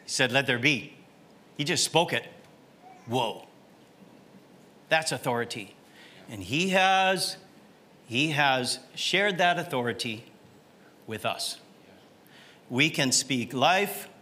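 A middle-aged pastor delivers a sermon from the pulpit at a slow, deliberate pace, his voice bright, forceful, and a little high. He keeps putting questions to the congregation and tags his points with a quick "right?".

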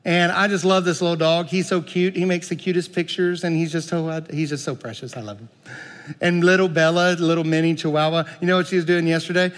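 Pastor, man, high-pitched, animated preaching that swings from loud pleading to quiet asides, reverberant church. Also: brisk. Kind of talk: sermon.

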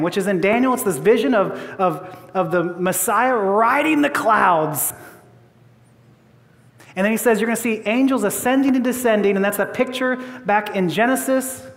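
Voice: mid-range voice, in a large hall. A pastor giving a sermon in a church, conversational and laughing often, with frequent repeated words.

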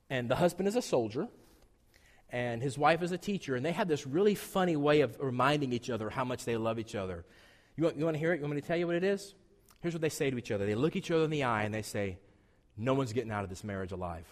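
Pastor guy in his 40s, kinda high voice, storytelling sermon, long echo from the hall. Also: quick pace. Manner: lively storytelling with acted-out quotes and asides. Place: church sanctuary.

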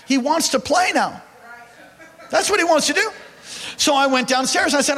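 A man's voice: very high-pitched, a little fast, big-room sound. A man preaching a sermon, telling a personal story and speaking directly to his congregation. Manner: animated, addresses congregation directly. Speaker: pastor. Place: large hall or church.

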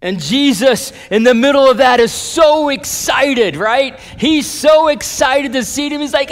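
A male pastor preaching a sermon, telling the story in an animated way and acting out the people in it. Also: extremely high pitch, takes it slowly. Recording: long reverb of a large hall.

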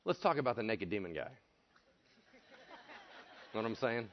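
Animated man preaching, lo-fi sound. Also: lowish voice, moderate pace, a little hiss or hum. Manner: animated, jokey, acts out voices, shifts between loud and hushed. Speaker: pastor. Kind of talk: animated sermon. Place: church room with audience. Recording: dull lo-fi sermon recording.

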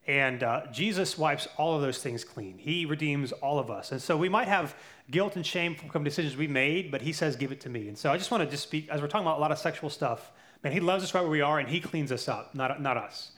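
A man hosting a live church Q&A, reading out questions and making announcements in a brisk, upbeat way. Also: a little high, a bit bright.

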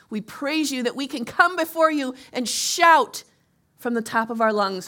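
A woman pastor preaching and leading a congregation in prayer, swinging from soft, near-whispered lines to loud rallying shouts. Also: fairly high pitch, lively intonation, unhurried.

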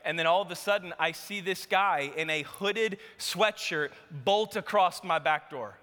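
A man preaching a sermon, telling a story with animated, emphatic delivery. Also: high-pitched, unhurried. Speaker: pastor. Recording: long hall reverb.

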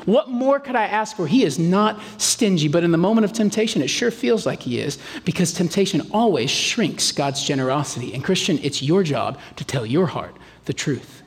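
A man preaching a sermon in a lively, animated way, acting out quotes in playful voices. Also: high-pitched. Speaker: pastor. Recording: reverberant hall.

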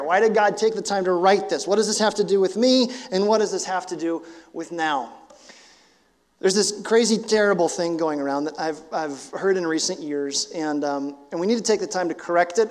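A man of about forty, a pastor, preaching a sermon in a casual, animated way that swells into emphatic bursts. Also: high voice, big-room sound. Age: 40s. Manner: animated, conversational, rising to emphatic outbursts.

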